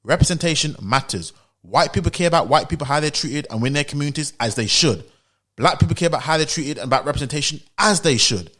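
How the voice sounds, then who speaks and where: Fast, pushed, and bright, with lively intonation and a slightly high pitch, this man's voice carries an insistent opinion commentary monologue. The British vlogger from the UK stresses his points emphatically through repetition and rhetorical questions.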